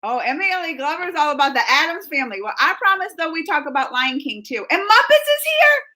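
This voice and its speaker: A woman hosts a casual live stream and chats straight to her viewers. Her voice is bright and fairly high, quick and animated, with laughs and filler words all through. She sounds close to a home webcam mic. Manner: animated, laughing, full of "like" and "y'all". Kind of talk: casual live chat, reading viewer comments.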